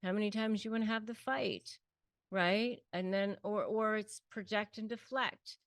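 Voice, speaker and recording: Woman self-help host, mid-pitched, punchy and repetitive delivery, dry room with no echo. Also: fairly even intonation, measured pace. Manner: emphatic, repetitive, rallying the viewer. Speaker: host and self-help coach on narcissistic abuse. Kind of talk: direct-to-camera advice talk.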